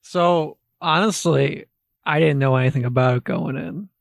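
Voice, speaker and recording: A man's voice: fairly high pitch, moderate pace, vocal fry, no echo, clean studio sound. A man co-hosting a podcast, giving blunt, laid-back opinions on a film with casual swearing. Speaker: podcast co-host. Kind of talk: casual film review chat.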